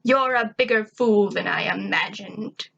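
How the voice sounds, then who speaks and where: A scheming alien rival, read by a woman, speaking low and cold with a cutting edge. She keeps a hushed, contemptuous tone in a storybook reading. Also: a little slow, creaky, dull audio.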